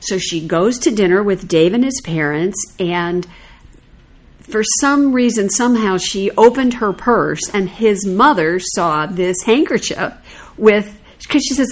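A woman's voice: mid-range voice, a little slow. Older lady chatting, telling a story and doing everyone's lines. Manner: animated anecdotal storyteller, acts out quoted lines. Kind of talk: casual chat.

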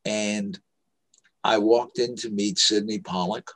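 A man's voice: on the low side, steady tone, fairly bright tone. An older man, a veteran actor, telling anecdotes in an interview and acting out the voices of people he quotes. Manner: slow, anecdotal, acts out quoted voices, chuckles. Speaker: actor guest. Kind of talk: storytelling interview.

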